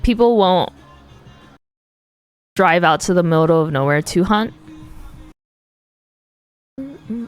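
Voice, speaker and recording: An American woman streaming, chatting casually with viewers, curious and playful, often laughing. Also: mid-range voice. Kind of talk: casual chat with viewers while drawing.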